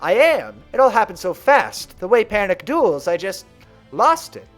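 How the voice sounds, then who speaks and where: Young woman duelist, shaken but proud played by a man, high lively voice. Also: measured pace, soft background music. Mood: upset.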